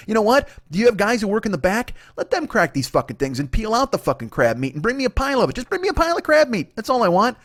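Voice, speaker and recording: A man in his forties hosting a comedy podcast, riffing through a profane, excitable monologue. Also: sits high, quick pace, few pauses, dry recording, studio quality. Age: 40s.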